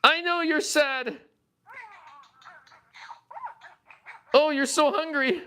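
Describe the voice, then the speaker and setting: A man's voice: animated, a little slow, creaky, a bit bright, faint music behind, exaggerated voice. A man hamming up a doting villain crooning to his hungry children. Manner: high, theatrical, crooning.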